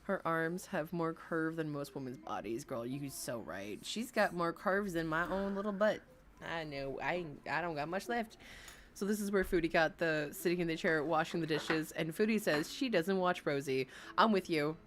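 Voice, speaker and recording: A woman's voice: low voice, moderate pace, fairly bright tone, a little hiss or hum. A woman hosting a casual livestream reaction, chatty and swearing, laughing often.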